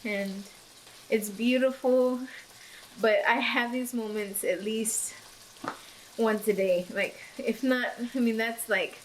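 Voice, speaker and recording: A woman's voice: a little high, steady tone, takes it slowly, slight background noise, low-quality recording. A young pregnant woman vlogging, chatting emotionally and giggling, with lots of fillers. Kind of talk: casual chat while cooking. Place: home kitchen. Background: food sizzling in a pan.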